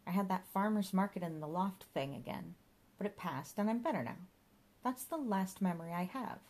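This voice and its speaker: A woman's voice: mid-range voice, normal speed, a little mellow, natural voice. A woman doing a bewildered young man. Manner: bewildered, questioning. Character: puzzled young man, hungover and confused.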